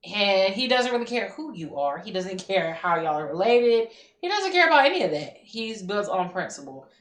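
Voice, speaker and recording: A woman co-hosting a podcast with animated, joking banter. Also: medium pitch, normal speed. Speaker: podcast co-host. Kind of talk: casual wrestling chat. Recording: echoey room with faint noise.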